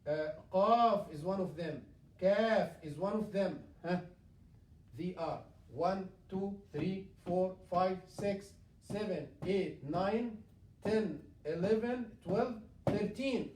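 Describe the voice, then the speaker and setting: This is a tajweed class in a mosque, led by an imam teaching Quran recitation; he is male, high-pitched and slightly mellow. He stumbles along with lots of fillers, repeating and reciting examples. A far-off mic in a reverberant room picks him up, with slight background noise.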